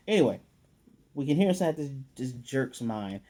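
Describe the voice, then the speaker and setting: A man's voice: a little high, lively intonation, moderate pace, dark tone. A man casually recapping and reviewing an anime episode, chatty and opinionated, with frequent fillers.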